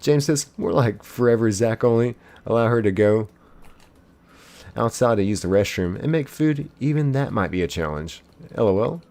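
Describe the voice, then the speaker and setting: A man streaming a game live, casually reading his chat's messages aloud in a playful, excitable way. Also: mid-range voice. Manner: reads chat messages aloud in quick succession, playful and excitable; casual, uses "y'all". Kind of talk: live gaming stream chat.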